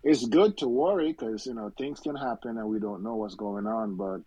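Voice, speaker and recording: A man on a talk show panel who speaks casually and reassuringly, often pausing and restarting. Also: on the low side, steady tone, mellow, no room sound, poor audio. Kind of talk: casual discussion.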